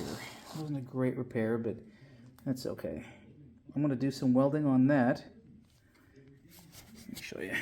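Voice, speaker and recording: A man's voice: medium pitch, warm tone, a little hiss or hum. A man giving a casual workshop walkthrough of his car restoration. He rambles with frequent fillers, swears casually, and sounds slightly winded after an illness.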